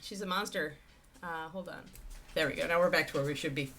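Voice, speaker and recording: A woman's voice: low-pitched, brisk, fairly bright tone. A woman hosting a livestream, chatting casually and rambling to her viewers. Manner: chatty, rambling, talks to the chat and her dog. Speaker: host of a miniature painting livestream.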